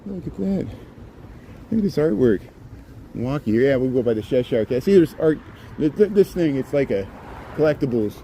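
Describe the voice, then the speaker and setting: Traffic and street noise surround this middle-aged livestream vlogger from Indiana as he strolls a city street at dusk. He rambles along in a chatty running commentary and greets people he passes. His medium-pitched voice is mellow and very animated, at a moderate pace with long pauses.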